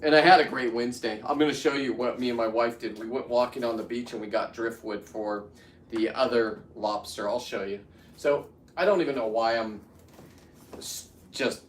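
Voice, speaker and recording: A man's voice: medium pitch, normal speed, a little hiss or hum. Fifties guy rambling at the camera while he works, restarts a lot, echoey room, mic kinda far. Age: 50s. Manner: rambling, restarts, heats up into ranting. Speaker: vlogger. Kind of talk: casual talk to camera while working.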